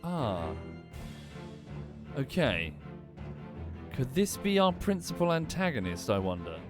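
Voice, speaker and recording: A man with a medium-pitched, sing-song voice streams a game over music, slowly thinking aloud as he plays. He gives casual commentary, apologizing and correcting himself along the way.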